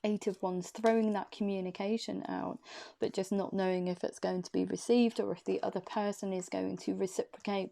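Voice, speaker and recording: A woman giving a loose, chatty tarot reading to her viewers, speaking in drawn-out phrases and laughing easily. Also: medium pitch, gravelly, mellow. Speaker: tarot reader. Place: room indoors.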